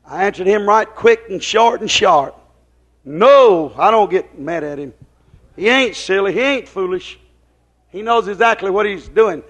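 A male preacher with a strikingly high-pitched voice delivers a rambling, folksy sermon. He keeps asking his listeners whether they understand him and slips into retold conversations. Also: normal speed, a bit bright, highs cut off. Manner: folksy, rambling, drops into quoted dialogue; questions the congregation often.

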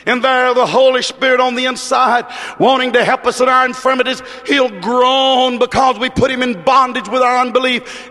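Male preacher, fervent rhythmic sermon building to shouts, high-pitched, long hall reverb. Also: little pitch movement, moderate pace, hardly any pauses.

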